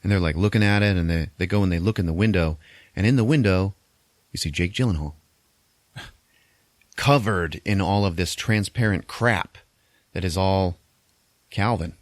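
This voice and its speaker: A man's voice: low voice, normal speed, long pauses, dry recording. A man co-hosting a podcast, casually recapping a movie plot with lots of swearing. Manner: animated retelling with crude swearing. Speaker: podcast co-host.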